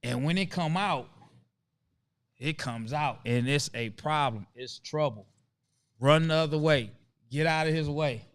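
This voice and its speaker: A man's voice: fairly high pitch, a little slow, long pauses, clean tone, no echo. A man hosting a casual conversation, talking earnestly and emphatically and often repeating his points to drive them home. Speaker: host.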